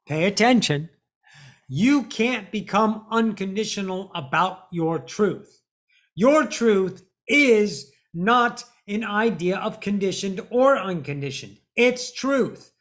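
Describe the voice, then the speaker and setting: A woman giving a spiritual monologue, blunt and preachy, swearing freely and stretching out words for emphasis. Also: medium pitch. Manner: emphatic, drawn-out stresses. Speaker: spiritual teacher.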